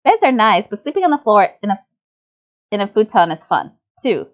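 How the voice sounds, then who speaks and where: A woman's voice: medium pitch, sing-song, moderate pace, highs cut off, natural voice. A woman voicing a cheerful, clingy young man who personifies Italy, bubbly and a bit whiny, in a fan voice-over of a game.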